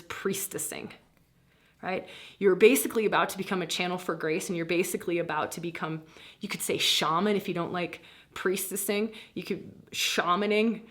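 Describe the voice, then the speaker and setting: A middle-aged woman teaching a guided spiritual practice in a breezy, animated way, laughing often and acting out inner voices. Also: medium pitch.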